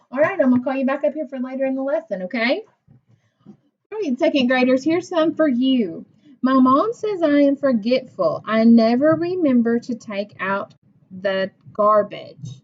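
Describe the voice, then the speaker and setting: A woman teacher leading a phonics lesson for young children. She talks slowly and patiently, sounding out words and praising each answer. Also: sits high, lively intonation. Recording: dull lo-fi recording.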